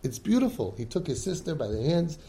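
An emphatic man with a dark voice, pitched fairly high, speaks briskly in a sing-song with some vocal fry. As a group leader addressing siblings, he gives an impassioned talk to a support group, acting out children's pleas and mixing in Yiddish and Hebrew words.

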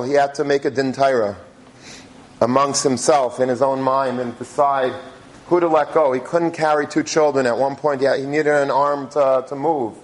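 A man giving a religious talk, telling a story in a halting way with many restarts. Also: mid-range voice, low-quality recording. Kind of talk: sermon storytelling.

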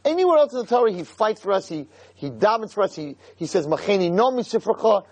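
A man's voice: high-pitched, very animated, fast talker, a little mellow, rough recording. A man giving a Torah lecture, emphatic and full of rhetorical questions.

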